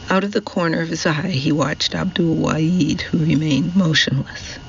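A man narrating a novel in a measured storytelling manner. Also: on the high side, steady tone, creaky, muffled recording, a little hiss or hum. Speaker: audiobook narrator. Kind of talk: scripted narration.

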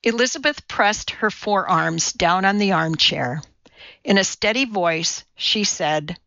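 A woman narrating an audiobook in measured, even storytelling. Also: medium pitch, dry recording, dull audio. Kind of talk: scripted narration.

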